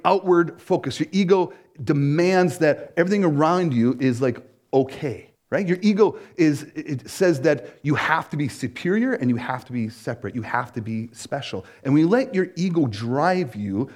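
A man preaching a casual sermon as a pastor, telling a personal story in an animated way, full of "like" and "right?". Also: on the high side. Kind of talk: conversational sermon.

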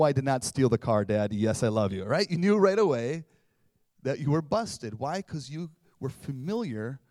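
A man in his thirties delivers a relaxed sermon as a pastor, chatty and animated, slipping into little voices to act out stories. His voice sits a touch high. The sound is dry and close. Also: no echo. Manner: conversational, animated, acts out voices. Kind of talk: casual sermon.

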